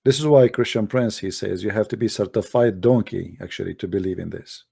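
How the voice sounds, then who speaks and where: A man's voice: fairly low pitch, brisk, vocal fry, warm tone, breathy edge. A man giving a mocking, sarcastic polemical monologue in broken English grammar. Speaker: religious debate commentator.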